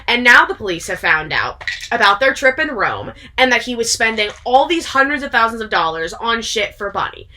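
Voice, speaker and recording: A woman's voice: on the high side, sing-song, moderate pace, pushed and bright. A young woman casually retelling a story to a friend, chatty and full of "like" and swearing, laughing often. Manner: frequent laughter. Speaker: video creator.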